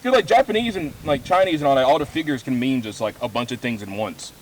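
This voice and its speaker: Lively young man with a swinging voice. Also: quick pace, slight background noise, poor audio. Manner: animated, acts out quoted people with jumps in pitch, laughs often. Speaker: podcast co-host. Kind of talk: casual chat among friends.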